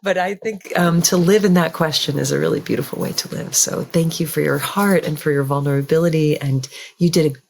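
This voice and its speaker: Husky woman talking gently on a podcast, reassuring, keeps repeating her phrases. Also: low voice, brisk, few pauses. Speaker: guest author. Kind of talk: podcast interview conversation.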